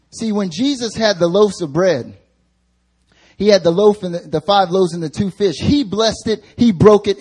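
A man's voice: a little high, darkish tone, breathy edge. A young man preaching a sermon at a church service, moving between casual slang-filled storytelling and rising, emphatic preaching.

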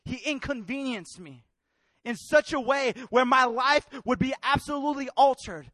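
Bright high-voiced preacher man from California. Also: normal speed, dry recording. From California, USA. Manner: streetwise slangy storytelling that swells into loud fervent preaching. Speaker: preacher giving his testimony. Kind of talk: sermon testimony.

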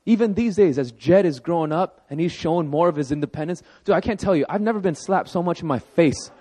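A man in his thirties preaching a sermon as pastor, telling a personal story with animated emphasis. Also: fairly high pitch, quick pace, hardly any pauses.

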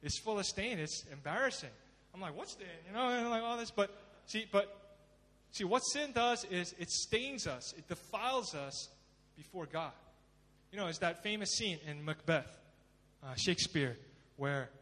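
A man preaching a sermon as pastor, dramatic, swinging from loud emphasis to hushed pleading. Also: sits high, unhurried, in a large hall.

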